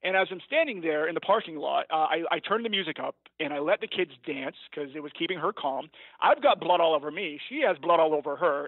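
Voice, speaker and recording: Teacher guest, male, slightly high voice, rambling storyteller, dry tinny phone-like line. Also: no room sound. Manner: rambling, self-correcting, laughs at his own story. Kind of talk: storytelling in a podcast interview.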